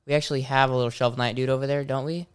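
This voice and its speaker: A man with a smooth, resonant voice talks games in a relaxed, casual way. He hesitates often and leans on filler words as a podcast co-host. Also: mid-range voice, very fast. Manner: laid-back, hesitant, frequent ums. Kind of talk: casual chat about video games.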